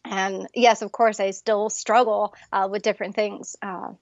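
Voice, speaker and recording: Woman, 30s or 40s, chatty earnest guest, mid pitch, dull dry recording. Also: measured pace, no room sound. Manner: animated and earnest. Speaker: guest sharing testimony. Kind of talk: casual testimony chat.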